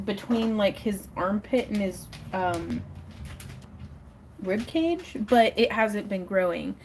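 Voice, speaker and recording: A chatty woman hosts a casual crafting livestream, talking easily to her viewers and pets. Her voice sits at a middle pitch and she laughs often. A faint noise hums behind her. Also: darkish tone.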